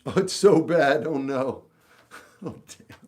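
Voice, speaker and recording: A man's voice: medium pitch, takes it slowly, darkish tone, faint music behind. A man hosting a casual livestream, reading chat questions and giving blunt, off-the-cuff opinions. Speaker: livestream host answering chat. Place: home room with a record collection.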